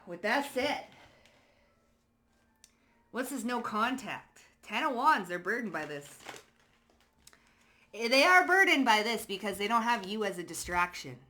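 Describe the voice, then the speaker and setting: A woman doing a casual pick-a-card tarot reading, chatty and slangy, cursing freely and laughing as she talks straight to her viewers. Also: lowish voice. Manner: lively storytelling with frequent laughs. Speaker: psychic tarot card reader.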